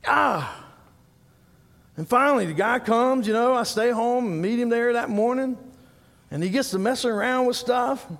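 A middle-aged man preaching a sermon as pastor, telling animated stories and rising to loud emphasis. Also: very high-pitched, moderate pace, creaky, big-room sound.

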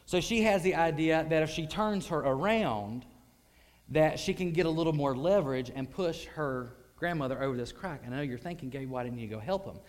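A man preaches with a slightly high voice, spinning a story with lively energy. He drops to near-hushed tones, then surges up loud, full of folksy asides. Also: moderate pace. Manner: animated, swings from hushed to loud. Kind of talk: sermon storytelling.

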